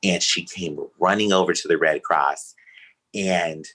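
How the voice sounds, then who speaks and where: Podcast guest, male, low pitch, forceful tone, candid and emotional storytelling. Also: unhurried, poor audio. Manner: emotional, earnest, open.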